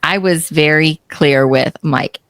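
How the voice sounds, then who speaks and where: A middle-aged woman host from Texas tells stories in a relaxed, chatty way. She slips into the voices of the people she quotes. Her voice sits a little low and sounds close and dry. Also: slow pace, no echo. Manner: animated storyteller acting out quotes. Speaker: podcast host. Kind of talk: casual interview conversation.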